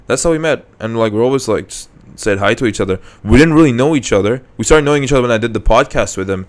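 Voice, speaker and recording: A man's voice: medium pitch, rapid-fire, hardly any pauses. A young man hosting a podcast, chatting casually and telling rambling stories with frequent restarts. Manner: relaxed, rambling storytelling with restarts. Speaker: podcast host. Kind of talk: casual chat.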